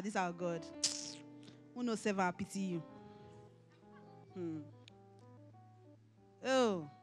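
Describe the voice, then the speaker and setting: A middle-aged woman pastor with a Nigerian accent, preaching emphatically at a conference and often raising her voice to a shout. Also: a little high. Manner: emphatic, animated preaching with rising shouts and mimicry. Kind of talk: conference sermon. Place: conference hall.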